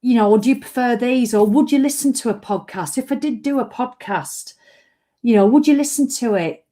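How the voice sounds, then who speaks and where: With a mellow voice on the high side, a middle-aged fitness vlogger talks a little fast in a chatty live video. She has the hiccups, rambles, makes fun of herself and now and then bursts into sung jingles.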